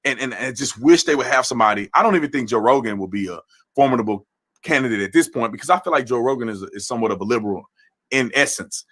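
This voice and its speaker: A man's voice: medium pitch, quick pace, fairly bright tone. A man hosting a political commentary livestream who talks animatedly and often restarts his phrases. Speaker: livestream host.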